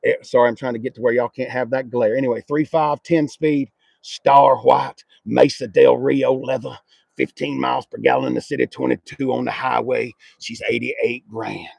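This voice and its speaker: A middle-aged man, hosting a casual walkaround car review at an outdoor car lot and mocking the cars he sees in loud, profane rants. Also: mid-range voice, steady tone, fairly quick, creaky, slightly rough, no room sound, poor audio.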